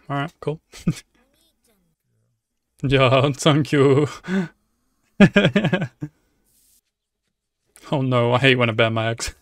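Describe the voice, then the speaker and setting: Excitable young man, dry close sound. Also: mid-range voice, no echo. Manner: excitable, swears a lot, laughs and shouts at the screen. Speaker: anime reaction YouTuber. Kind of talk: casual reaction commentary.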